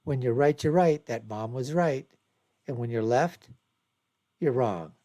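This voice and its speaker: A man's voice: mid-range voice, a little slow, dark tone. Rambling male show host. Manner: rambling, repetitive, emphatic. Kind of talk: casual commentary on video clips.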